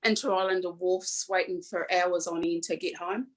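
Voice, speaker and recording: A hoarse woman in her fifties with a New Zealand accent, chatting frankly as an interview guest. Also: on the low side, steady tone, normal speed, low-quality recording. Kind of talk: casual chat.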